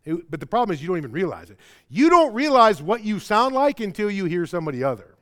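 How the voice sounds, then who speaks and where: A man with a Chicago-area accent preaching a sermon, swinging between loud emphatic bursts and quiet low passages, often repeating words as he presses a point. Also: fast. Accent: Chicago-area American. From American Midwest. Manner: stumbles and repeats words when excited. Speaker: pastor.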